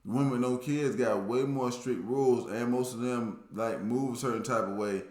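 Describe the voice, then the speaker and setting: A man's voice: medium pitch, steady tone, normal speed, a little mellow. Brief: male host, casual reaction talk, rambling slang, roomy echo. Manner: rambling, filler-heavy slang.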